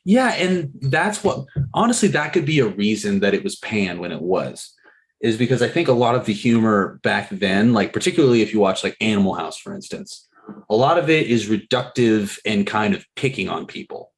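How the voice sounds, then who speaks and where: A man's voice: on the low side, normal speed. A man co-hosting a movie podcast, chatting casually with lots of fillers and restarts. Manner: rambling, filler-heavy, animated. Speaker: podcast co-host. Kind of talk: casual chat about movies.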